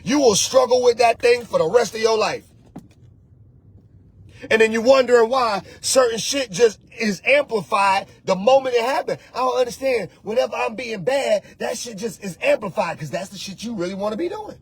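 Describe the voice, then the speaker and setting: A man hosting a casual motivational talk as a spiritual coach, animated and preachy, slangy and often shouting. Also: very high voice, normal speed, husky.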